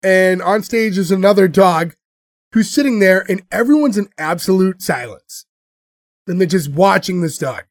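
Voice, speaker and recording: A man with a notably high voice hosts a casual podcast chat. He retells scenes in a loose, rambling way, full of fillers and restarts. The sound is dry and close. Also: moderate pace, dry recording. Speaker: podcast host. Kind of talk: casual chat recapping a show.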